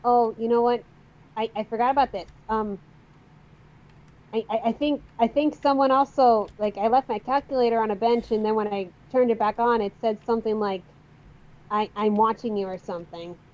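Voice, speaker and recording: A woman's voice: fairly high pitch, fairly quick, darkish tone. A woman hosting a casual group chat, restarting her sentences with frequent stammers. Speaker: artist and channel host. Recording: dull lo-fi sound.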